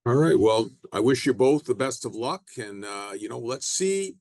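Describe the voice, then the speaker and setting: A man's voice: mid-range voice, very animated, moderate pace, a little mellow, no room sound. A man hosting an interview, asking friendly questions that sometimes stumble. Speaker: podcast host.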